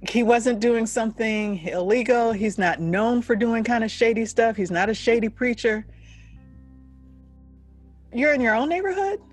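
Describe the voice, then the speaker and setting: A woman's voice: a little high, lively intonation, moderate pace, faint music behind. A woman who leads a university, speaking in an earnest, reflective way during a heartfelt panel discussion. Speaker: university leader.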